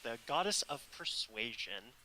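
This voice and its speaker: Male game master, bright, forceful tone, slow halting narration, faint room hiss. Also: mid-range voice, big pitch swings, poor audio. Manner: unhurried, halting narration with many fillers. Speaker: dungeon master.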